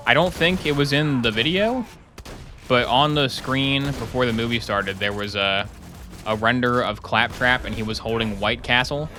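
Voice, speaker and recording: A man's voice: medium pitch, moderate pace, sharp tone, slight background noise. A young man streaming a game live, chatting casually and joking with his chat while he plays. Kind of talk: live gameplay commentary.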